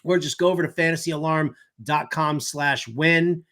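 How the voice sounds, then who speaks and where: A man's voice: a little high, steady tone, moderate pace, pushed and bright. A man in his mid-fifties hosting a fantasy baseball podcast, rambling, joking and cursing freely in casual chat. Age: 50s. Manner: rambling, jokey, curses freely. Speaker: podcast host.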